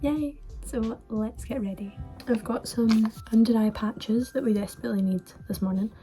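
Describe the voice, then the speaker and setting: A woman's voice: on the high side, steady tone, moderate pace, warm tone, faint music behind. A woman in her twenties vlogging in a chatty, emotional way, often saying "like". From Scotland. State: hoarse from illness. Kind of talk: casual vlog chat.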